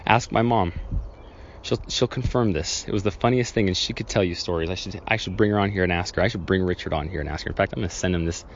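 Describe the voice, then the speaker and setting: A man's voice: deep voice, fast talker, lo-fi sound, a little hiss or hum. A man hosting a solo podcast, telling a childhood story in a rambling, self-correcting way and acting out scenes from it. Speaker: podcast host.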